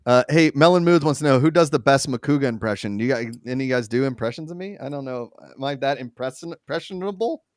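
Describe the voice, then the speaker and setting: A man hosting a casual game watch-party chat, excitable, reading chat aloud and laughing often. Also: mid-range voice, quick pace, few pauses, no room sound, studio quality. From Pittsburgh. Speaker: host.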